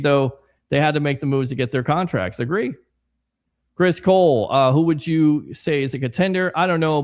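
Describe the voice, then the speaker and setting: A man hosting a casual sports livestream, chatting and reading viewer comments aloud with rambling asides. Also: a little high. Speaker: sports podcast host.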